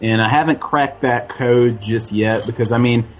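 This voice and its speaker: Man, casual movie discussion, animated, argumentative, lo-fi recording. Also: mid-range voice, normal speed.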